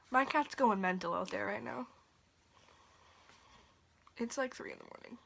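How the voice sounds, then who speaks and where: A woman's voice: a little high, a little slow, creaky, pauses often, a bit bright. Profane young woman telling a storytime. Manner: drops to a whisper at times. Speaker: vlogger. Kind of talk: casual storytime vlog. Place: bedroom at night.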